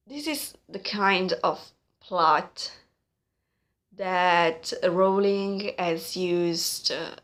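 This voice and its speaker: A woman's voice: fairly low pitch, fairly bright tone. A woman vlogging her opinions casually, hesitant and full of fillers as she searches for words, sounding frustrated and critical.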